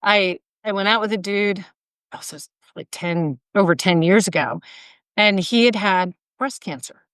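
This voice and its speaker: A woman's voice: medium pitch, moderate pace, fairly bright tone, smooth, no room sound. A woman hosting a solo health podcast, talking informally with asides and self-corrections, a little tired and tongue-tied. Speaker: podcast host and health coach.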